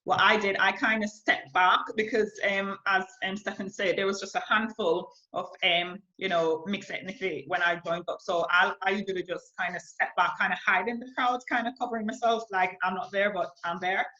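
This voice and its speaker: A woman with a bright, forceful tone recounts her experiences in a chatty, casual manner, peppered with fillers. The sound is muffled and lo-fi. She speaks as an interview guest. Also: medium pitch, fairly even intonation, a little fast, hardly any pauses. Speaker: guest, air force corporal.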